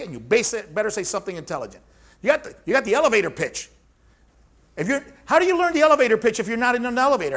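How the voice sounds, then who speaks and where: Blunt male fitness instructor, higher voice, very animated pitch, acts out client chats. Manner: blunt, energetic, acts out sales dialogues. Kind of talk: teaching a seminar.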